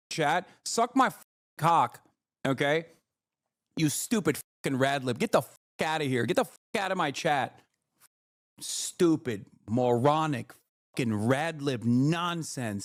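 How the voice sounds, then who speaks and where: Male streamer, higher voice, angry and profane, dry close mic. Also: dry recording. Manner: profane, heated, combative. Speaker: political livestreamer. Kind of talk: livestream rant to chat.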